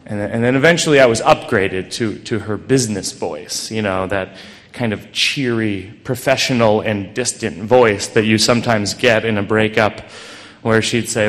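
A man's voice: on the low side, moderate pace, a bit bright. A man telling a personal story as stand-up, in a wry, rambling, self-deprecating way. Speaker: comedic storyteller. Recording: long hall reverb, faint noise.

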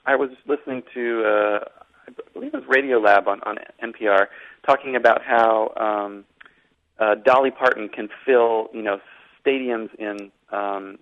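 A man's voice: on the low side, steady tone, moderate pace. A man from Boston, an author and guest, talking thoughtfully with many restarts over a tinny phone line. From Boston, United States. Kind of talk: casual interview conversation.

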